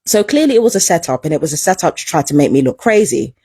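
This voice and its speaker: A woman's voice: sits low, big pitch swings, fast, a little mellow, slightly rough, no room sound. A woman telling a story to camera in a casual vlog, emphatic and profane, repeating herself for emphasis. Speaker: vlogger.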